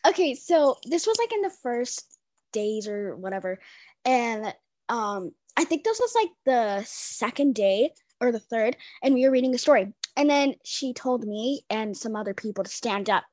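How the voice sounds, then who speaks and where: Young female co-host, high pitch, chatty storyteller with lots of fillers, dry recording. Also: very animated, normal speed, darkish tone, dry recording. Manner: rambling storytelling with many fillers and restarts. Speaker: podcast co-host. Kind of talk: casual chat.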